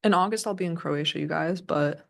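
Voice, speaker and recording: Rambling woman with a gravelly voice. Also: low voice, fairly quick. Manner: loose, rambling, many fillers and restarts. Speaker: trading livestream co-host. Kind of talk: casual livestream chat.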